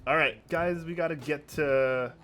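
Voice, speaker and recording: A man co-hosting a podcast, chatting casually and gushing over a show, sometimes shouting in excitement. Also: on the high side, normal speed, faint music behind. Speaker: podcast co-host.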